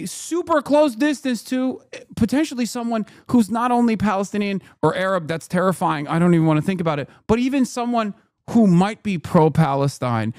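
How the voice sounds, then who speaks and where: A man in his thirties talks loosely on a live stream, with frequent restarts, and races through headlines he reads aloud. His voice sits a bit higher than most men's, and the sound is close and dry. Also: darkish tone, dry recording. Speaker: streamer reacting to news. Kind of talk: casual live-stream commentary.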